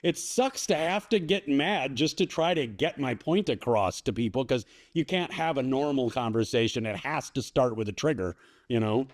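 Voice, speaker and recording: A man co-hosting a podcast, talking in an emphatic, excitable way and swearing freely. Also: medium pitch, moderate pace. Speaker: podcast co-host and content creator. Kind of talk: casual podcast conversation.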